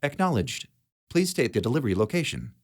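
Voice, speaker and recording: A man voicing a dutiful robot servant that talks in a flat, formal, mechanical way. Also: mid-range voice, brisk, pitched above the performer's own voice.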